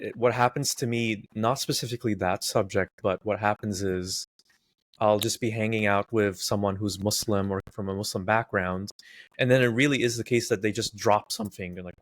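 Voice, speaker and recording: A thoughtful man in his forties talks as a podcast guest in a low voice. The sound is dry and close, and he often restarts his sentences with a repeated word. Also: no echo. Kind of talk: candid casual conversation.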